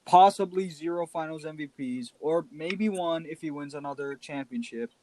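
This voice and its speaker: A man's voice: a little high, moderate pace, noisy background. Firm, opinionated young man. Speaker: podcast co-host. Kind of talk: casual sports debate.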